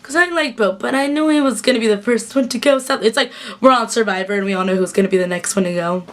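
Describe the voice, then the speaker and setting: A young woman gushing through a casual episode recap in a chatty, excitable way, full of "like". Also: fairly high pitch. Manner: gushing, chatty, fast bursts with fillers like "like". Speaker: TV recap vlogger.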